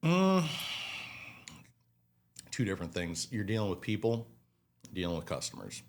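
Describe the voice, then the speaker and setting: Animated man telling work stories. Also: on the low side, measured pace. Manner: animated storyteller, acts out quotes, swears casually. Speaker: restaurant manager, podcast guest. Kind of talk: casual interview storytelling.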